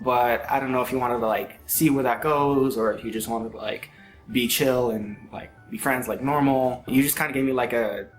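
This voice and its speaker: A young man tells a story to friends in a casual, animated way, slipping into quoted voices and leaning on "like" as a filler. His voice sits at an ordinary middle pitch. The room is echoey, with faint music playing underneath.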